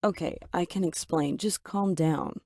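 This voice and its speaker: A woman voicing a calm, wise mother who speaks soothingly in an animated story. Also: sits low, unhurried, gravelly, dry recording, clean studio sound, heavily acted.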